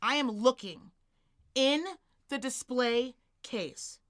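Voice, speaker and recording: A woman co-hosting a podcast, telling a story as a profane, animated rant and acting out the people in it. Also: a little high, slow pace. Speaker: podcast co-host.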